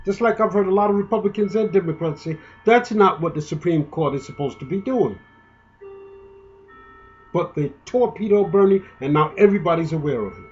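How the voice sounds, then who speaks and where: A man's voice: high voice, lively intonation, a little fast, a little mellow, soft background music. Indignant man ranting, lo-fi sound. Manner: indignant, emotional, rambling with restarts. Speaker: political commentator. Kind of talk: ranting political monologue.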